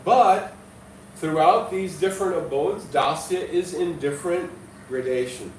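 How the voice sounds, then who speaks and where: A man giving a devotional lecture as a spiritual teacher, explaining slowly and measuredly and chanting verses. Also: fairly high pitch, a little hiss or hum. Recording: distant mic in echoey hall, faint ambience.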